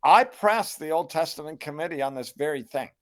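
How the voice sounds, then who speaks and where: Older man, measured and reflective scholar. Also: a little high, lively intonation. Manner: measured, reflective, with many restarts and hedges. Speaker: New Testament scholar and Bible translator, guest. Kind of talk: thoughtful interview answers.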